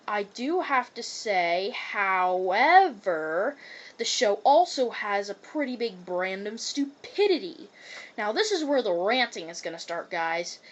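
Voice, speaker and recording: A woman giving a rambling, casual rant review of a cartoon, full of "um" and "like" fillers. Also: mid-range voice.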